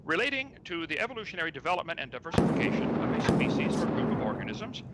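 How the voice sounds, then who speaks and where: A man argues his case in a debate, firing off one rhetorical question after another. His voice sits a little high. Loud gunfire from a game plays behind him. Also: sing-song, fast, very noisy. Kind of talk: debate argument.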